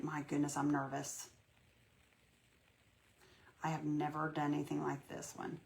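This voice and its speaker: Chatty woman with a gravelly low voice. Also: monotone, unhurried, a little hiss or hum. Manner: chatty, folksy, greets viewers by name, self-reassuring. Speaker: craft livestream host. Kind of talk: casual live painting tutorial.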